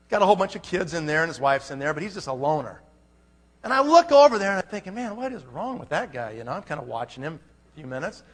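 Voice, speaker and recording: A man at a conference telling a funny story with lots of life, doing little voices for everyone in it. His voice is high and bright, and a long reverb from a large hall trails behind it. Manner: animated, acts out every character. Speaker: conference speaker. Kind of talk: comic storytelling.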